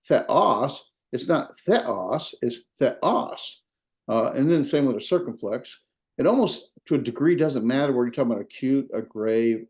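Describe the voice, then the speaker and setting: Southern guy teaching greek class, dark mellow voice, rambly with fillers. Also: mid-range voice. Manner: folksy, repeats himself, many fillers. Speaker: Greek instructor. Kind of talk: informal classroom lecture.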